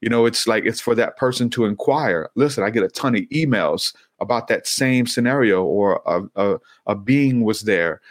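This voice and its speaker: A man speaking as an interview guest, earnest and halting, often repeating words as he tells his story. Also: on the low side, no echo, studio quality. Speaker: interview guest, Christian minister. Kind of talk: casual interview conversation.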